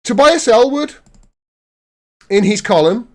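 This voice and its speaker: A man's voice: very high voice, expressive, slow pace, a little mellow. A man hosting a live political commentary stream, reading news aloud and reacting with indignant sarcasm.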